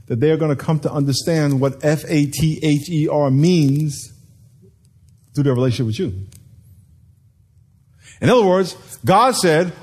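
Lively man preaching a sermon. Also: fairly high pitch, breathy edge. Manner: lively, calls for congregation responses, acts out quotes. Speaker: pastor.

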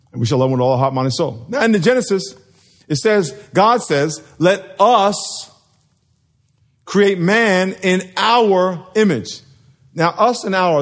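A man preaching a sermon to a live congregation, joking and quizzing the people in front of him. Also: a little high. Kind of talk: sermon with call and response.

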